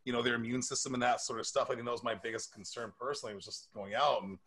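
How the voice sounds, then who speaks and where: A man hosting a casual podcast chat, telling lively stories and laughing often. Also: mid-range voice, very fast, breathy edge. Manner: animated storyteller, laughs often. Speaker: podcast host and personal trainer.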